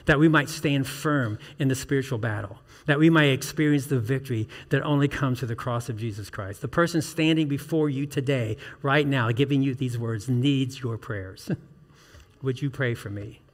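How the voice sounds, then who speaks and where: A man's voice: medium pitch, a little fast, hardly any pauses, in a large hall. A male pastor preaching an earnest sermon, asking the congregation questions and building to emphatic peaks. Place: church sanctuary.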